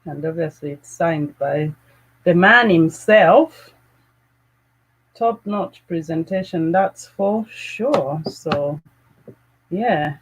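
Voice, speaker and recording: Slow, gushing woman hosting a fragrance chat. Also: on the low side, breathy edge, rough recording. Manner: gushing, excitable, greets viewers by name. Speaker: fragrance channel host. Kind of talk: live-stream fragrance chat.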